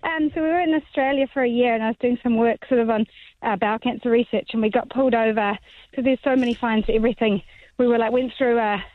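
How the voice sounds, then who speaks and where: A woman's voice: fairly high pitch, quick pace, dry recording. A woman phoning into a radio show, telling a rambling story over a thin, tinny phone line. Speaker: radio caller. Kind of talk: phone-in chat.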